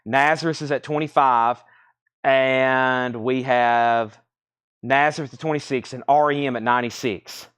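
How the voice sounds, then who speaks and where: A man hosting a live record sale, rattling off titles and prices in brisk auctioneer patter, a bit out of breath. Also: mid-range voice, steady tone, fairly bright tone, clean tone.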